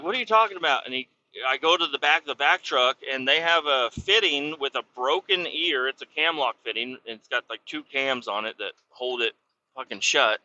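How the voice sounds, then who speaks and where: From inside his truck cab on a snowy road, a vlogging driver rambles through a story, cursing nonstop and sounding casually annoyed. His voice is medium in pitch, bright, and forceful. The sound quality is lo-fi.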